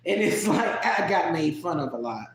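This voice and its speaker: A live-stream host with a light Southern US accent chatting casually with viewers, laughing often and swooping up in pitch. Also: expressive, moderate pace, a little hiss or hum. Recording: roomy echo.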